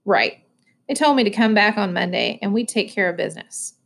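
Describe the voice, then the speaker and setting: A woman reading aloud voices a calm, fearless teenage farm boy who speaks matter-of-factly. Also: mid-range voice, brisk, gravelly.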